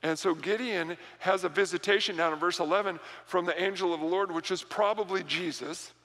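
A man delivers a sermon in a high, bright voice, animated and quick to repeat words as he builds each point. His voice rings out with the long reverb of a church hall. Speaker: pastor. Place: church sanctuary.

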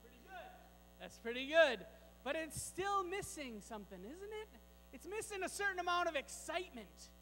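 A man's voice: extremely high pitch, big pitch swings, normal speed, pushed and bright. A man giving a playful children's sermon in a large church, joking with the kids and the congregation. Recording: long church hall reverb, mains hum.

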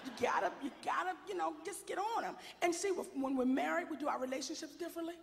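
A woman performing a stand-up comedy set, bold and sassy, shouting out her punchlines. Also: extremely high pitch, fast, gravelly, big-room sound.

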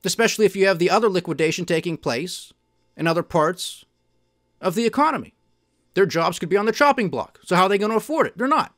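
A man's voice: sits high, lively intonation, fast talker, a bit bright, no room sound, clean studio sound. A man hosting a podcast, giving emphatic, indignant solo commentary on policy and markets. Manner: emphatic, indignant, mocking quoted officials. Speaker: podcast host.

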